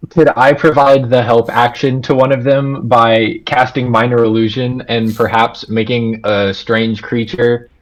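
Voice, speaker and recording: A man's voice: mid-range voice, level tone, a little slow, hardly any pauses, rough recording. A man playing a tabletop game, speaking in a playful, laughing way. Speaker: player.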